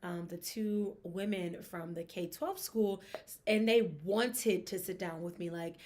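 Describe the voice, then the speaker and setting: A young woman hosting a sports podcast, talking in a chatty, expressive way with emphatic asides. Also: lowish voice, measured pace. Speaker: podcast host. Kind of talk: casual sports gossip chat.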